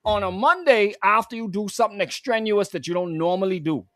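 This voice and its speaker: A man hosting a morning radio show, chatting casually and telling stories with animated voices for the people in them. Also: high voice, brisk, dry recording, studio quality. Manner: animated storytelling, drops into voices for quoted people. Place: radio studio.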